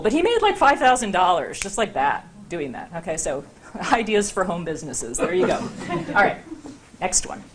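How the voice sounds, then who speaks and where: A woman's voice: on the low side, big pitch swings, moderate pace, a little hiss or hum. A woman university lecturer giving a public talk with slides, speaking conversationally and often checking in with her audience with "right?" and "okay?". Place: lecture room before a live audience.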